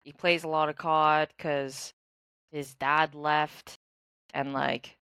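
A woman's voice: deep voice, little pitch movement, slow, a bit bright, clear, resonant tone, no room sound. A young woman co-hosting a podcast, rambling casually and full of "like". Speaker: podcast co-host and streamer. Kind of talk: casual chat.

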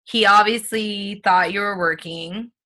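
A woman hosting a casual chat, slow and sympathetic, with gentle "um" fillers. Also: medium pitch, fairly even intonation.

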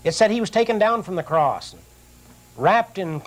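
An older man delivers a sermon in a voice pitched a little high for a man. He reads scripture in a slow, drawn-out cadence and then talks it through in a plain, earnest manner. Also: lively intonation. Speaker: preacher.

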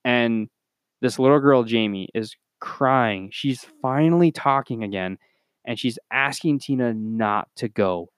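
A man's voice: a little slow, clean tone, dry recording. Exasperated man reviewing a film, dry mic. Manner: profane, exasperated, mimics characters in high voices. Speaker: podcast co-host. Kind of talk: casual film review chat.

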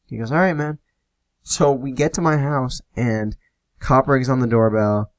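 A young man hosting a podcast alone, telling a personal story in a casual, profane, animated way and acting out the other people in it. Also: medium pitch, unhurried, dry recording. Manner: profane, animated retelling with quoted dialogue. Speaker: podcast host.

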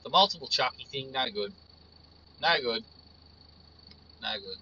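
A man's voice: mid-range voice, animated, unhurried, pushed and bright, highs cut off. Man, casual profane rant, frustrated, repeats himself, piercing tone, faint vehicle hum behind. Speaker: horror fan reviewer.

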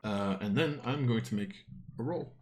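A man's voice: mid-range voice, moderate pace, background noise. A man narrating as game master of a tabletop game, rambling and hesitant, with many fillers and self-corrections.

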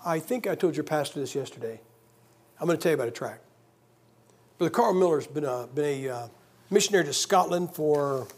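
A man preaching a sermon in a church, conversational and emphatic, with joking asides. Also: a little high. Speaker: guest preacher.

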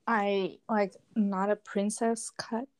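A young woman whose first language is Dutch, chatting casually in an excitable, gushing way. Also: medium pitch, slow. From grew up speaking Dutch. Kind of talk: casual chat.

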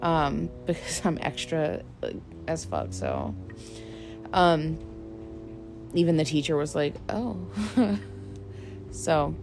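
A young woman with a fairly low voice, chatting loosely as a podcast co-host. She rambles, laughs a lot and swears without a second thought. Faint music plays behind her. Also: very animated, slow pace, pauses often. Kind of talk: casual chat.

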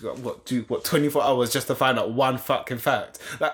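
A man's voice: mid-range voice, brisk, hardly any pauses. A young man, telling a story in casual chat with laughs and slang.

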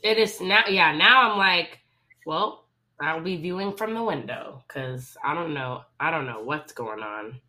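A young woman co-hosts a casual podcast with a bright, crisp voice and a slight lisp. She keeps an upbeat tone and often turns to address her listeners directly. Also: low-pitched, animated, measured pace. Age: young adult. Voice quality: slight lisp from dental aligners. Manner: upbeat, talks straight to listeners. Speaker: podcast co-host. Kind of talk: casual chat.

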